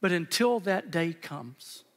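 Preaching live in a church sanctuary, this male pastor has a fairly bright, high-sitting voice with lively intonation and a slow pace. His sermon is earnest and emphatic, phrases repeated for weight, and the hall's long reverb trails behind him.

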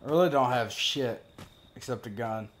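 A man's voice: mid-range voice, moderate pace, a little hiss or hum. A man giving casual, profane gameplay commentary as a gaming video creator, joking and talking to himself as he plays.

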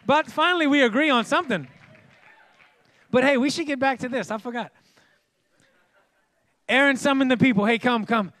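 A young male pastor, preaching in a comic, animated way and acting out voices. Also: extremely high pitch, moderate pace, long pauses, dry recording. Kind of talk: sermon.

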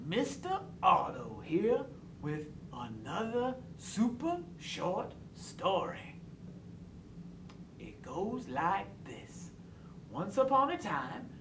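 A man tells a children's story aloud with an expressive, sing-song delivery. He speaks slowly, and his pitch swings widely. The sound is roomy and distant, with a faint hiss behind it. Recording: roomy distant mic, faint background noise.

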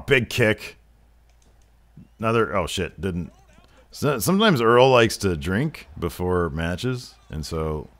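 Deep-voiced dude doing goofy fake wrestling commentary over a game, swears a lot. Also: male voice, fairly bright tone. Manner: jokey, profane, mock-announcer hype. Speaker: gameplay commentator. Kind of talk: mock wrestling play-by-play over gameplay.

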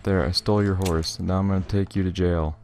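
A man's voice: low voice, fairly even intonation, a little fast, darkish tone. A young man commentating his gameplay, frustrated and swearing constantly over game music and hoofbeats. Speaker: let's play gamer. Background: game music and horse hooves.

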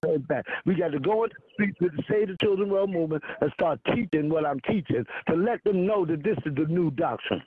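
A man giving a casual, animated spiritual talk from a park, swearing freely and having listeners fill in his words. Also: fairly high pitch, quick pace, few pauses, breathy edge. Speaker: spiritual teacher. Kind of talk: casual preaching talk on a call. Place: outdoors in a park. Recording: phone line, dry.

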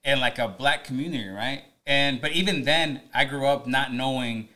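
A young Mexican-American man hosting a podcast, talking energetically and switching between English and Spanish. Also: medium pitch. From Mexican-American, raised in the US. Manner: fast, energetic, mixes English and Spanish with swearing. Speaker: radio host, podcast host. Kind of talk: casual podcast chat.

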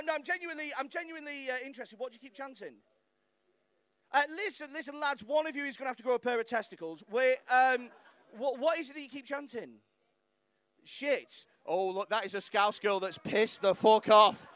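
A man's voice: very high voice, brisk, a bit bright, clear, resonant tone, no echo. A man doing stand-up crowd work on a club stage, brash and crude, mocking hecklers with lots of swearing. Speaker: stand-up comedian.

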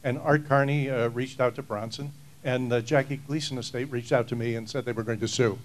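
A man recalling old stories on a convention panel in a dry, deadpan, unhurried way. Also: medium pitch, low-quality recording. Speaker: actor panelist.

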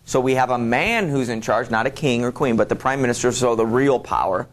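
A man's voice: mid-range voice, a little fast. A male teacher giving a classroom lecture, talking to students directly with many hesitations, fillers and restarts.

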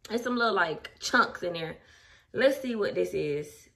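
A young adult woman vlogs from home, open and emotional in a casual chat with her viewers. Her medium-pitched voice is animated and fairly bright, with vocal fry, and she doesn't rush. It's recorded on a distant mic with faint background noise.

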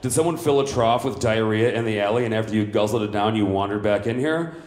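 A man's voice: fairly low pitch, fast, darkish tone, lightly acted. A man playing a boastful, vain macho villain at a live stand-up roast, brash and crudely insulting everyone in turn. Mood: smug. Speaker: roast comedian in character. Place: comedy club stage. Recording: roomy club sound.

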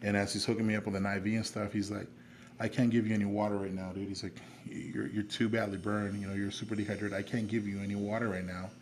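Candid low-voiced veteran man. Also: flat delivery, quick pace, a little hiss or hum. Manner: candid, plainspoken with frequent fillers. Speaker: podcast guest, army veteran. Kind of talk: recounting a personal story.

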